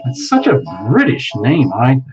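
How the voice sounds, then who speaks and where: A man's voice: mid-range voice, wildly swooping pitch, moderate pace. A man hosting a live tarot stream, greeting viewers by name in a teasing, chatty way. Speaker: tarot livestream host. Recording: dull lo-fi sound with music behind.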